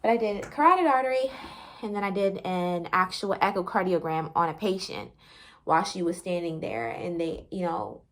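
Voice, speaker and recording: A woman's voice: fairly low pitch, animated, normal speed, a bit bright. A pregnant woman, chatting animatedly with viewers in a casual storytelling vlog and laughing often. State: pregnant, briefly out of breath. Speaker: vlogger.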